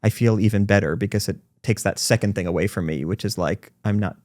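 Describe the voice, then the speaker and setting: Brief: man in his 40s, podcast guest, rapid-fire anecdotes, dry close mic. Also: fairly low pitch, no room sound. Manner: fast, animated storytelling. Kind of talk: podcast conversation. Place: recording studio.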